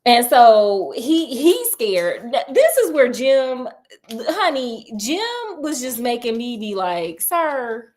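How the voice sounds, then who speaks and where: A woman's voice: a little high, big pitch swings, slow pace, darkish tone. Sassy, chatty woman storyteller. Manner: sassy, chatty, laughing asides. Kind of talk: casual comedic book retelling.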